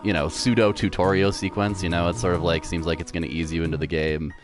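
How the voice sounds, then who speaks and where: A man's voice: low-pitched, level tone, fast talker, music in the background. A man streaming a game and commentating casually, chatty and rambling, laughing easily. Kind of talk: casual let's-play commentary.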